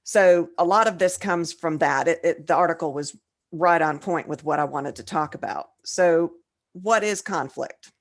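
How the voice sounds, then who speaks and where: A woman co-hosting a casual writing podcast, trading jokes and reading definitions aloud, a little tipsy. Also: low-pitched. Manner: joking, reads definitions aloud slowly. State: tipsy, slurring slightly. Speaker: podcast co-host. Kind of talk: casual chat.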